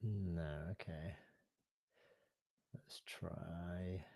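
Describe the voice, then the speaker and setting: A man presenting a live online software demo, thinking aloud in a relaxed, hesitant way with fillers and self-corrections. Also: deep voice, drawn-out words, gravelly, husky, dry recording. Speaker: webinar presenter.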